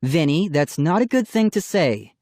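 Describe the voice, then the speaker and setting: A man voicing a patient middle-aged mother who scolds the children gently but firmly, in an audiobook reading. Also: a little high, sing-song, normal speed, dry recording, studio quality, pitched above the performer's own voice. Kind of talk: audiobook character voice.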